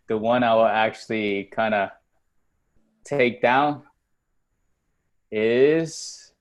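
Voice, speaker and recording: A young man in casual chat during a movie game, excitable and apologetic, laughing often. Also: lowish voice, drawn-out words, long pauses. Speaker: film crew member.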